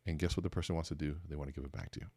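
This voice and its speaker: A man's voice: very deep voice, racing, no echo, clean studio sound. A man hosting a podcast, giving a motivational talk on conversation and acting out the dialogue of his stories. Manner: animated storytelling, acts out dialogue in a raised voice. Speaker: podcast host and speaker coach.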